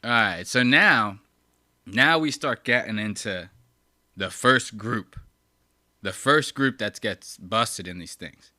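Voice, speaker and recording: A man hosting a casual live stream, mocking a clip with crude, animated commentary. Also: on the low side, slow pace, no room sound, clean studio sound. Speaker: host.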